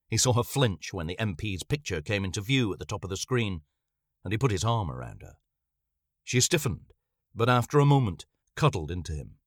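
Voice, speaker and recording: A man narrates a story in a low voice with lively rises and falls. The reading is measured and expressive, recorded dry and close. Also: dry recording. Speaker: audiobook narrator. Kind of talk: scripted narration.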